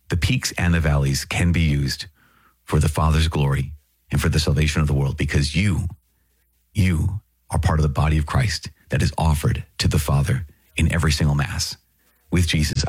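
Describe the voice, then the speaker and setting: A middle-aged man, a priest, giving an earnest, animated talk with lively self-mocking asides. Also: extremely low pitch, moderate pace, slightly rough. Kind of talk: podcast homily and video talk.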